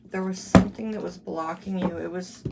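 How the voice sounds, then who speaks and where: A woman's voice: fairly low pitch, fairly even intonation, brisk, vocal fry. A woman giving a casual tarot reading, musing and thinking aloud as she lays out cards. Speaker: tarot reader. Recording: loud background noise.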